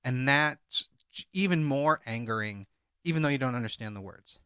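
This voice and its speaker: A man co-hosting a podcast, retelling a crime case and reading call transcripts aloud in a measured way. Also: medium pitch, expressive, bright, forceful tone, clear, resonant tone, dry recording, clean studio sound. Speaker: podcast co-host. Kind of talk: casual true-crime podcast chat.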